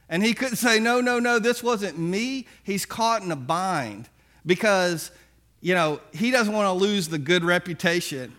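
Bright-voiced, folksy preacher. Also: male voice, sits high. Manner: casual, folksy storytelling with chuckles. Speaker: pastor. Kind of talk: sermon.

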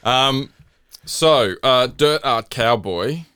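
A man's voice: medium pitch, animated, very slow, sharp tone, clean tone, dry recording. A man co-hosting a podcast, chatting casually and cracking dry jokes between hesitant fillers. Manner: dry wisecracking, lots of fillers. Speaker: podcast co-host. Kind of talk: casual chat.

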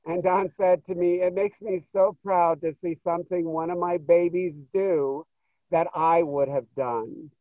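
A man guest in an interview, telling stories in an animated way and acting out what people said. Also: a little high, measured pace, dry recording. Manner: animated, acts out quoted dialogue. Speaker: interview guest, show producer. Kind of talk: storytelling interview. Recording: tinny phone line, dry.

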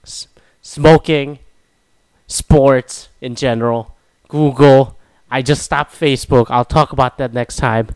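A man's voice: mid-range voice, steady tone, slow pace, darkish tone, clean tone, no echo. A young man from Korea, hosting a casual solo talk and ranting profanely with self-mocking asides. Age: young adult.

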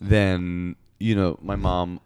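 A man in casual podcast talk, telling profane stories and acting out shouted quotes. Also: low voice, level tone, slow pace, clear, resonant tone, no echo. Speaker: comedian guest.

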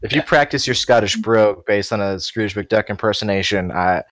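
This is a man chatting as a podcast co-host, his voice sitting low. He talks in loose, wandering sentences, often correcting himself mid-thought. The sound is close and dry, with almost no room around it. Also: normal speed, a bit bright, no echo. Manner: rambling, self-correcting, laughs often. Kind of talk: casual chat.

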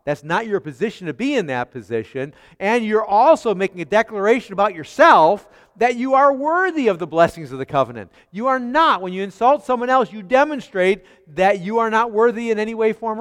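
A man preaching an expository sermon, asking his hearers rhetorical questions and swinging between quiet and emphatic delivery. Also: high voice, sing-song, brisk, hardly any pauses. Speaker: pastor. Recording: long hall reverb.

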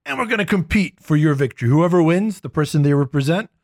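Lively laughing male podcast host. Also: a little high, fast talker, a little hiss or hum. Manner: animated, laughs often. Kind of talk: casual podcast chat. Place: makeshift home studio.

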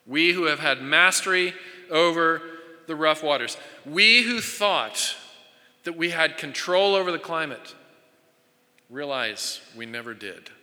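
A man preaches with an earnest, searching manner, circling back over his phrases as he builds a point. His voice is bright and ringing, a little higher than most men's. It rings out through a large hall with a long, trailing reverb. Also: animated, measured pace. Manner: earnest preaching with frequent repetitions and restarts. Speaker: pastor. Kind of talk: sermon.

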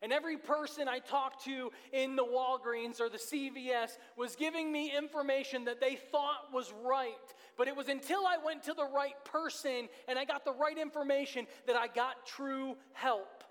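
A man with a very high voice preaches to his church, earnest and fond of repeating his main points. His voice rings out with a long reverb in the large sanctuary. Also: fairly even intonation, moderate pace, hardly any pauses, fairly bright tone. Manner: earnest, repeats key phrases for emphasis. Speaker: pastor. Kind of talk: sermon.

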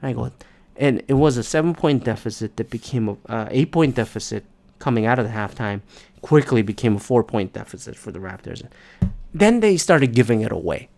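A man hosting a solo sports podcast, ranting in frustration with heavy swearing and sudden loud outbursts. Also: mid-range voice, creaky. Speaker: podcast host.

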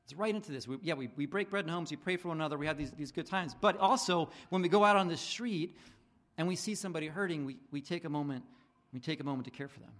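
A man's voice: a little high, fast. A man preaching a sermon in a casual, rambling way, with many restarts and fillers, acting out bits of dialogue in different voices. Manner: acts out dialogue in animated voices. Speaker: pastor.

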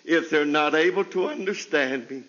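Stuttering preacher, high bright voice. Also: male voice, moderate pace, big-room sound, muffled recording. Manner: folksy storytelling with laughs; voice leaps high in bursts. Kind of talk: sermon. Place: chapel service.

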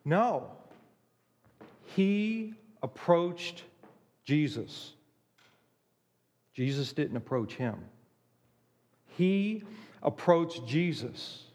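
A man preaching a sermon, emphatic, with dramatic pauses and acted-out quotes. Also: fairly high pitch, expressive, darkish tone, in a large hall.

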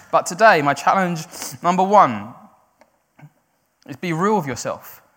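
A man preaching a sermon to a congregation. He swings between loud, raised cries and quiet, conversational explaining. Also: a little high, lively intonation, a little slow. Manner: builds to loud cries when quoting, then drops quiet and conversational. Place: church hall. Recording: long hall reverb.

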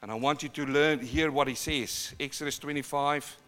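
A pastor with a New Zealand accent, born in South Africa, preaching a live sermon in church and swinging from quiet to loud, dramatic urging. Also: male voice, on the high side, steady tone, normal speed. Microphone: live sermon recording.

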